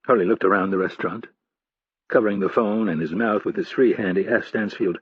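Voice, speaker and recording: A man narrating a thriller audiobook in a measured, steady way. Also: lowish voice, breathy edge, dry recording, muffled recording.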